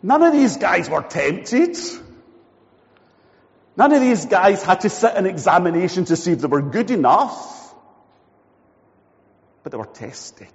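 A preacher tells a parable from the pulpit. He slips into the voices of his characters as he goes. His slightly high voice rings through a long reverberant hall on a muffled recording. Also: very animated, a little slow, gravelly, long pauses. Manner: storytelling, acting out each character's voice. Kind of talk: sermon.

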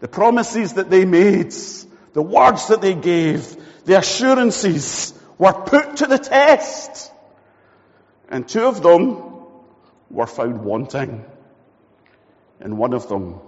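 A preacher tells a parable from the pulpit. He slips into the voices of his characters as he goes. His slightly high voice rings through a long reverberant hall on a muffled recording. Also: big pitch swings, slow. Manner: storytelling, acting out each character's voice. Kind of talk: sermon.

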